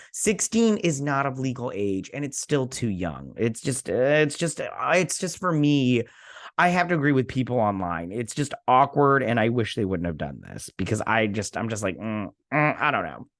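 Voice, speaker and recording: A man retells a TV episode scene by scene in a loose, chatty style, dropping into the characters' lines as he goes. His voice is mid-pitched, and the recording is dry and close. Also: no room sound. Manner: frequent fillers and restarts. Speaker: host of a TV review channel. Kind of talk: casual episode recap.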